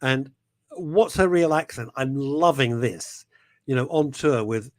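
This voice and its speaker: A man's voice: mid-range voice, no room sound. A man hosting a talk show, joking and laughing, often trailing off and restarting his sentences. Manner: animated, jokey, quick to laugh, trails off and restarts. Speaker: radio show host. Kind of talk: casual talk show banter.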